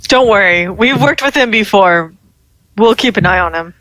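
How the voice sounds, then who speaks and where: High, bright-voiced male player. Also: expressive, normal speed, no room sound. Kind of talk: casual tabletop play.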